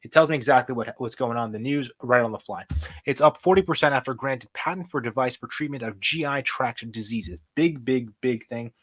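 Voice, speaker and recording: A young man hosting a casual live stock show, chatting and thinking out loud as he reads charts. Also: mid-range voice, brisk. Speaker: host. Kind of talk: casual livestream stock commentary.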